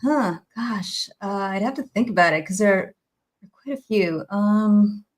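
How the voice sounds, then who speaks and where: Woman guest, middle pitch, kinda hesitant, lots of ums while she thinks. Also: measured pace. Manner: thoughtful, hesitant, searching for words. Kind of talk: casual chat.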